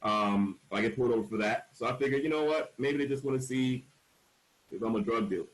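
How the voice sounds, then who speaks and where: Over a rough recording, a panel speaker in his forties talks briskly in a mid-range voice. He recounts a personal story frankly and emphatically, imitating the voices of the people he quotes.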